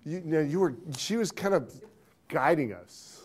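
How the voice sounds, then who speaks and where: A man teaching an accounting class, lively, quizzing students and repeating key phrases, recorded in a classroom. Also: fairly high pitch, a little slow. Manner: animated, asks the class questions and drills a phrase. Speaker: accounting instructor. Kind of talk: classroom lecture. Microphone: filmed by a videographer in class.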